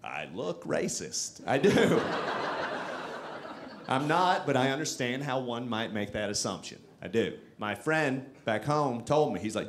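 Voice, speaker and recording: A man from Texas doing a stand-up comedy set on a club stage into a handheld mic, with self-mocking, animated delivery. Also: medium pitch, a little slow, a little hiss or hum.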